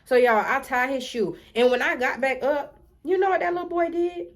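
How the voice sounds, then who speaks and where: Animated woman telling a storytime vlog. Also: high-pitched, normal speed. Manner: animated, talks straight to viewers as y'all. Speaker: vlogger.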